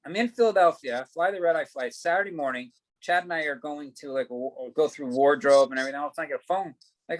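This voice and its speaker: A man's voice: a little high, fast talker, rough recording. A middle-aged man, an actor, telling stories in a casual interview, acting out quoted dialogue and swearing casually. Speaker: actor guest.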